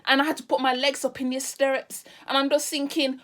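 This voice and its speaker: A woman telling a casual storytime vlog, animated and exclamatory. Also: high-pitched, brisk, few pauses. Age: 30s. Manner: animated, exclamatory, drifts into Caribbean patois. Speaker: vlogger.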